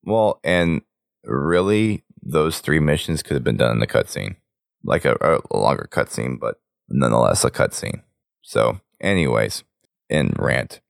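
Hoarse gravelly man hosting a podcast. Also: expressive, unhurried, dry recording, studio quality. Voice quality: very deep gravelly voice. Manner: talkative, rambling sign-off. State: hoarse, losing his voice. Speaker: podcast host. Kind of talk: casual podcast chat.

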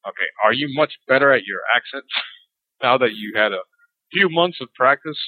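A man's voice: mid-range voice, expressive, moderate pace, dry recording. Joking podcast host man, lo-fi sound. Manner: joking, laughs often. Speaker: podcast host reading listener mail. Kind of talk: casual podcast chat. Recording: dull lo-fi dry sound.

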